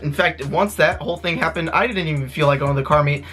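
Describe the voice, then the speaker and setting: A man vlogging to his viewers, retelling a tense story in an excited, rushed way with lots of fillers and restarts. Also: a little high, faint music behind. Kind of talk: casual storytelling to camera.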